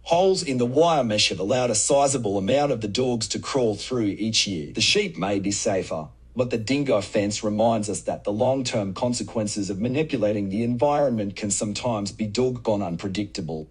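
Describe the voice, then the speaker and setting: A synthetic male voice with an Australian accent reading a scripted narration in an even, matter-of-fact way. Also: lowish voice, normal speed, few pauses, breathy edge, poor audio. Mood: flat. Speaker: AI-generated narrator voice.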